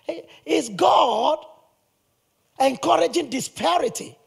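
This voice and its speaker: A male pastor preaching a sermon in an animated, emphatic way, with sudden loud bursts. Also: very high voice, slow pace, vocal fry.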